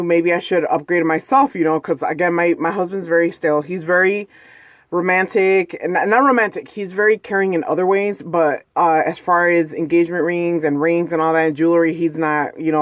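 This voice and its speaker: A woman's voice: on the low side, fairly even intonation, brisk, no echo, studio quality. A woman vlogging from home, telling a personal story in a chatty, rambling way full of "like" and "you know". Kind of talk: casual personal storytelling vlog. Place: at home, indoors.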